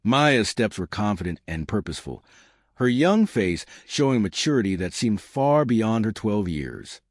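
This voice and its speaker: A man giving scripted dramatic story narration, expressive and steady. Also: lowish voice, normal speed, no echo, studio quality.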